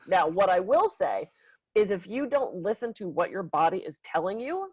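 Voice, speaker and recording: A woman massage therapist co-hosting a podcast, telling client stories in a casual, animated way and acting out the quotes. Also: normal speed, breathy edge, no room sound, poor audio. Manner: animated, acts out quotes with big pitch jumps, laughs often. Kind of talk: casual storytelling.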